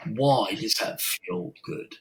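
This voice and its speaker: A middle-aged man, a voice coach, teaching in an interview, talking slowly and emphatically and telling stories with lively demonstration. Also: fairly low pitch, low-quality recording. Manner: slow, emphatic, uses his voice to demonstrate; lively storyteller.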